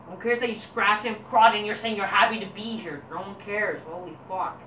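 A woman's voice: mid-range voice, a little fast, bright, forceful tone, a little hiss or hum. A woman reviewing wrestling as a vlogger, ranting crudely with constant swearing and a dismissive, combative manner. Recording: roomy echo, voice distant from mic.

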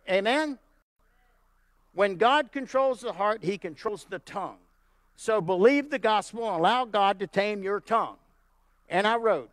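A high-pitched male pastor preaching with fervour, repeating key lines for weight and asking "Amen?" of his listeners. His talk turns folksy and plain. The sound is close and dry, with no room echo. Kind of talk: sermon.

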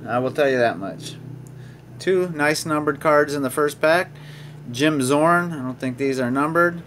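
A man's voice: fairly high pitch, fairly bright tone, slight background noise. Chatty man opening card packs. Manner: chatty, reads card names aloud with small laughs. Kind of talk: casual pack-opening commentary.

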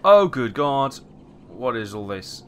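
A man's voice: mid-range voice, sing-song, takes it slowly, a bit bright, slight background noise. A Welsh man casually chatting and muttering through a simulator game as he plays, with a run of British exclamations. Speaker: gaming video host. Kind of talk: casual let's play commentary.

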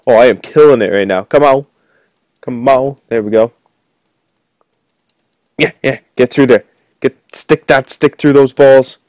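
Excitable young man playing a game. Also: medium pitch, a little slow, long pauses, no room sound. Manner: excitable, jokey, shouts and whoops at wins. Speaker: gaming channel host. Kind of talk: casual let's play commentary.

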